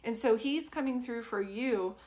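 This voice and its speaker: A dog is nearby as a woman does a casual live psychic reading from her home. Her voice is fairly high and slightly mellow at a moderate pace, and she rambles chattily, full of fillers and restarts.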